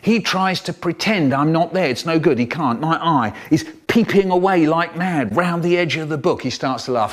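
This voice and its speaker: An older British man telling comic childhood stories in an animated way, switching to high voices for the children and to a low drone for his brother. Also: moderate pace, few pauses. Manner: low droning chant for the brother. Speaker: storyteller. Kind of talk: comic storytelling, remixed.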